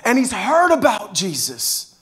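A male pastor preaches with a high voice that swings widely in pitch. He tells stories animatedly and speaks with open passion. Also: huge pitch swings, unhurried, a bit bright. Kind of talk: sermon.

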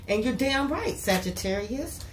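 Speaking at normal speed in a slightly high voice, a woman gives a tarot reading straight to camera. She's blunt, casual and talkative, swears freely and keeps saying "you know." Her voice rings around a hollow-sounding room over a clear, steady hiss.

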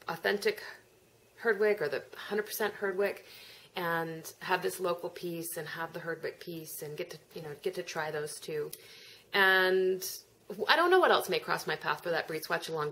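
An American woman with noticeably nasal vowels chats her way through a knitting podcast. Her voice sits on the low side, and she rambles in a friendly, self-deprecating way, losing her thread and finding it again. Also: a bit bright, low-quality recording. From United States. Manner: chatty, self-deprecating, trails off and restarts. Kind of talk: casual rambling monologue.

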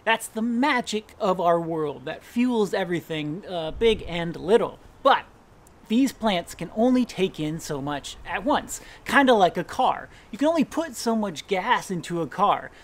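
Playful, lively gardening host, man. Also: high voice, unhurried. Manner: playful, rambling, enthusiastic. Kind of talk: casual educational talk to camera.

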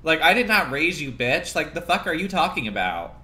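A man's voice: a little high, big pitch swings, fairly quick, bright, forceful tone. A young adult man chatting casually on a livestream, profane and complaining, congested and coughing now and then.

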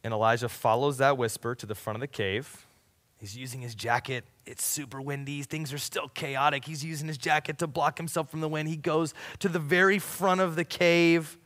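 A man preaching a casual youth sermon, his voice swinging from loud to hushed. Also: fairly high pitch, fairly even intonation, normal speed, big-room sound. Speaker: youth pastor.

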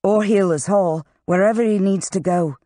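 A narrator doing a stubborn young man, higher-pitched. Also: moderate pace, warm tone, no room sound, studio quality, close to an everyday voice. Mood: insistent.

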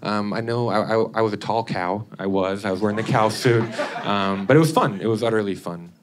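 A man's voice: lowish voice, a little fast, background noise. A young man from Indiana performing a stand-up set, chatty and tagging his lines with "okay?". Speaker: stand-up comedian. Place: comedy club stage with a laughing audience.

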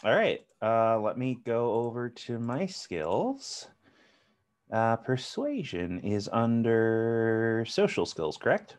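A man's voice: mid-range voice, sing-song, takes it slowly, a little mellow. A man playing a tabletop game in casual chat, playful and laughing often. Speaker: player.

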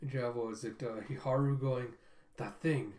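A man excitedly recapping and reacting to a comic chapter in a rambling, casual way. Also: mid-range voice, fast talker. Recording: roomy echo.

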